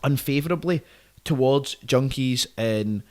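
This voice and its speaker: A man's voice: medium pitch, measured pace, a little mellow. A man in his twenties with a Glaswegian accent, a podcast guest telling profane, vivid stories in casual chat, punctuated by "right?" and "mate". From Scotland.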